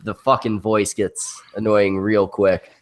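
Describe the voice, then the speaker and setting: A man on a casual podcast call, blunt and cracking dark jokes. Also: fairly low pitch, level tone, slow, crowd noise. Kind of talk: casual group call chat.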